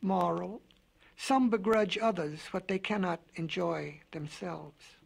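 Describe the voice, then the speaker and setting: A man narrating a storybook record in a gentle, whimsical, folksy way. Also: sits high, takes it slowly, gravelly, slight background noise.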